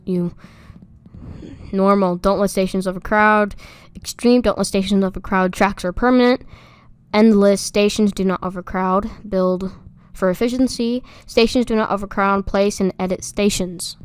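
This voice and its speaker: A young woman giving chatty, excitable gameplay commentary as a YouTuber, repeating words when flustered. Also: medium pitch, smooth, dry recording. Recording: faint music behind.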